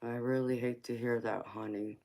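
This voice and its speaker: A woman with a Southern Georgia accent hosts a tarot livestream, reading comments in casual live chat and calling viewers sweetheart and honey while fighting a cold. Her very deep, mellow voice has vocal fry, fairly even intonation, and normal speed, with slight background noise.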